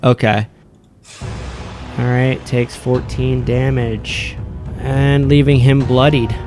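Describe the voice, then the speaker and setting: A man's voice: mid-range voice, little pitch movement, takes it slowly, music in the background. A man narrating a tabletop game as game master, laid-back and describing combat results.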